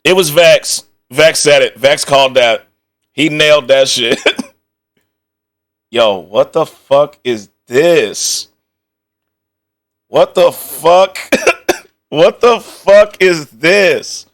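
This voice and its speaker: A young male streamer laughing his way through casual reaction commentary, peppering it with swearing and jokes. His voice sits a little high for a man, and he talks in an unhurried, drawn-out way. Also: animated. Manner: laughing often, swearing, joking banter.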